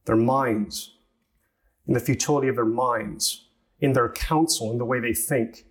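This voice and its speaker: A man in the pulpit delivering a sermon at an even, mid-range pitch. He teaches step by step, explaining the passage and leaning on rhetorical questions to draw listeners along. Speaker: pastor.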